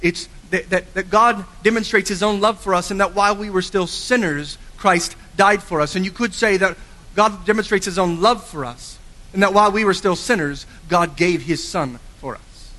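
A man preaching a sermon with earnest emphasis, swinging from forceful lines to quiet, low endings. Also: moderate pace. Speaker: pastor. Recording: long hall reverb.

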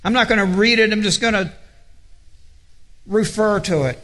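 A male pastor preaching an earnest sermon, with halting repetitions, dropping low and soft when he quotes scripture. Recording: echoey hall.

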